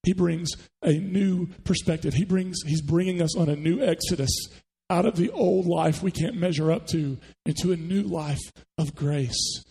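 A man's voice: a little high, normal speed, creaky, dark tone, husky, long reverb tail, poor audio. A man preaching a sermon to a church congregation, talking conversationally and putting questions to the listeners. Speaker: pastor. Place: church sanctuary.

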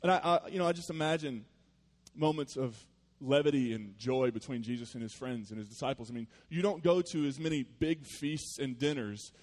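Male pastor, mid-pitched, chatty sermon delivery, jumps from loud bursts to hushed earnest points. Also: a little fast, no echo. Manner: conversational, storytelling, with playful asides; swings from loud animated bursts to quiet earnest tones.

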